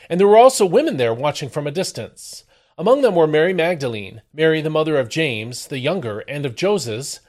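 Man, devotional host, scripture reading, expressive, animated intonation. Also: a little high. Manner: expressive reading that lifts the voice on quoted lines.

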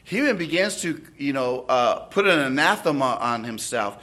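A man's voice: mid-range voice, expressive, normal speed, sharp tone. A man preaching an expository sermon, often checking in with listeners through tag questions.

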